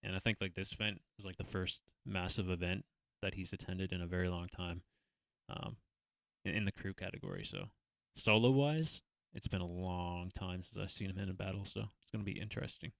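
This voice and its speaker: A man's voice: deep voice, brisk, gravelly, a bit bright. A young man hosting a reaction livestream, rambling casually with lots of fillers and the odd swear word. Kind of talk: casual chat.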